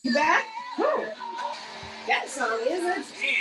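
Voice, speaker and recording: A woman's voice: high voice, lively intonation, slow pace, over music, poor audio. A woman chatting casually and encouragingly with her younger sister. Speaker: big sister. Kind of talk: casual family chat. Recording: clear background noise and clicks.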